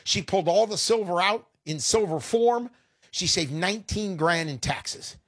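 A man's voice: high-pitched, animated, moderate pace, fairly bright tone, no echo, clean studio sound. A man in his fifties hosting a call-in radio show, chatty and openly emotional.

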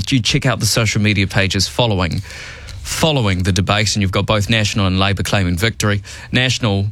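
A man's voice: lowish voice, no echo. A man hosting a morning radio show, chatting wryly about politics and running through the news. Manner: chatty, wry, lively. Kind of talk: casual radio talk and news rundown. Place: radio studio.

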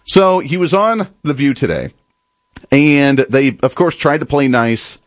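A man's voice: medium pitch, sing-song, measured pace, dry recording, clean studio sound. A man hosting a political commentary show, talking emphatically and mocking opponents with sarcasm. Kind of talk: opinionated commentary monologue.

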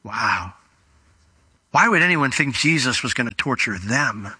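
Bright-voiced male preacher, animated. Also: mid-range voice, unhurried, breathy edge, no echo. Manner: animated, rhetorical questions, explains word meanings. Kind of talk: expository sermon.

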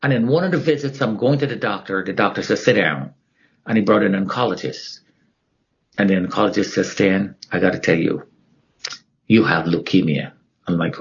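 A man's voice: deep voice, fairly quick, gravelly, breathy edge. A middle-aged man giving an interview, telling his personal testimony with drama and acting out the voices of the people in it. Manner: dramatic, acts out the voices of others in his story. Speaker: interview guest. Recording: muffled lo-fi recording.

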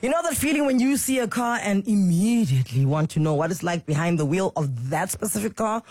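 A woman hosts a radio show with a slightly husky voice. She jokes and teases her co-host in a quick-witted way. The sound is dry and close, straight from the studio mic. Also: mid-range voice, sing-song, darkish tone, dry recording. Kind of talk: casual radio banter and promo reading.

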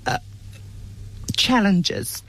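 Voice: very slow, a bit bright, dry recording. An interviewer asking questions in a casual conversation. The voice is hesitant and full of uhs.

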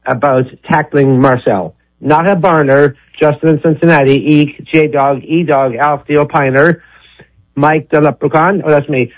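A man's voice: on the high side, fairly even intonation, measured pace, no room sound. A man calling in to a radio show, eager and reeling off long lists of names. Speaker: caller. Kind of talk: phone-in talk radio. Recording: dull lo-fi phone line.

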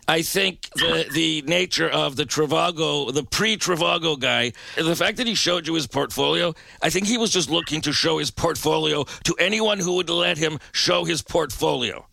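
A man's voice: on the high side, normal speed, creaky, pushed and bright, no room sound. A man hosting a late-night call-in radio show, teasing his caller with dry jokes. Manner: dry, teasing, joke-telling.

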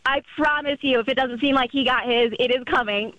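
A woman's voice: high voice, steady tone, a little fast, pushed and bright, a little hiss or hum. A woman calling in to a radio show, telling her story in a chatty way, full of "like" fillers. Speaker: caller. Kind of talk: phone-in storytelling. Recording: muffled phone line.

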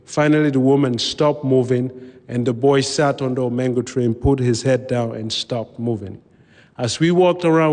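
A man recounting his own past in a measured, vivid way, pausing now and then to restart a phrase. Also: medium pitch, darkish tone. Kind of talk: personal storytelling talk. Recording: long hall reverb.

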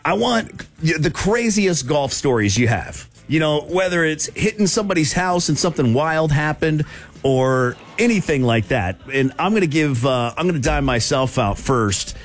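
A man hosting a radio talk show, telling a funny story with loud asides and frequent laughter. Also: a little high, moderate pace. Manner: animated, laughing storyteller with big voiced asides.

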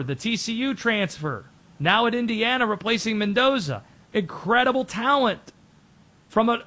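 Guy w a high voice doing hyped sports talk, quick opinions, lots of energy. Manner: energetic, rapid-fire, opinionated. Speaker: sports show host. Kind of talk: sports commentary.

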